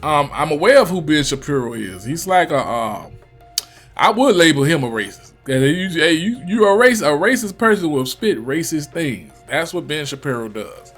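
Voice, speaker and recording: A man's voice: on the high side, very animated, normal speed, a bit bright, faint music behind. A man with a Virginia accent giving loose, slangy reaction commentary, swearing freely. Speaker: reaction youtuber.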